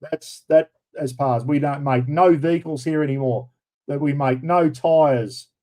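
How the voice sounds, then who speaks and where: A middle-aged man with a broad Australian accent, hosting a relaxed, rambling chat. His voice sits a bit on the high side for a man. He keeps dropping in blokey slang as he talks. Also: unhurried, poor audio. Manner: blokey, rambling, says "mate" and "bloody" often. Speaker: livestream host. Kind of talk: casual chat.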